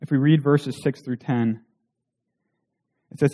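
A man's voice: mid-range voice, steady tone, unhurried, long pauses, dark tone. A man preaching a sermon in an earnest way, asking rhetorical questions.

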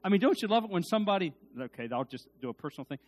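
A man preaching a sermon in a conversational way, swinging from quiet asides to loud, emphatic peaks, with restarts and repeated words. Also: sits high, very animated, rapid-fire, a little hiss or hum.

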